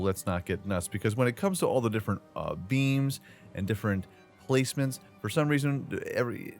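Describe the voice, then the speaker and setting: A man with a somewhat low voice talks through a gameplay tour in a loose, joking way, full of slang and asides. He sounds like a regular channel host speaking into a desk mic as a voice-over. Faint game music sits quietly behind him. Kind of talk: casual gameplay commentary.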